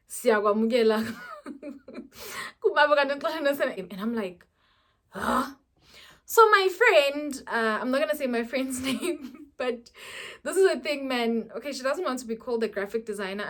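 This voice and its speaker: Animated South African woman telling a story. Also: fairly high pitch. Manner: animated storytelling, mixing in Zulu words, with laughs. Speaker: YouTuber. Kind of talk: storytime vlog.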